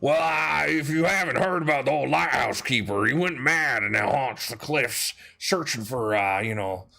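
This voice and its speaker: A man's voice: medium pitch, lively intonation, normal speed, creaky, pushed and bright, pitched above the performer's own voice. A man voicing a boisterous, pot-bellied male tiefling showman with grandiose, folksy sales patter in a tabletop game. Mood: boastful.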